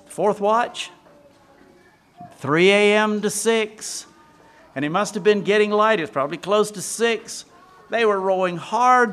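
A man with a high voice preaches a sermon, telling scripture as a lively story. He keeps asking his listeners questions and answering them himself.

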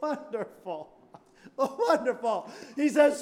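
A man preaching a fervent sermon, reading scripture and swinging from quiet murmurs to shouted praise. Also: very high-pitched, lively intonation, takes it slowly. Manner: reads scripture in King James wording.

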